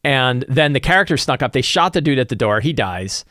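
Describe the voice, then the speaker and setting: A man's voice: mid-range voice, a little fast, dry recording, studio quality. A middle-aged man, a game master, chatting casually as he recaps his tabletop session and preps the next one. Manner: animated storyteller, loose and chatty, many fillers like "like". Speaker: game master and tabletop RPG content creator. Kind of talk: casual recap and campaign-prep chat.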